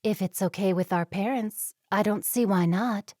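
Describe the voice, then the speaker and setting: A woman voicing a kind young Amish woman in an audiobook, speaking softly and reassuringly. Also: mid-range voice, moderate pace, dry recording, studio quality, lightly acted. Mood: gentle.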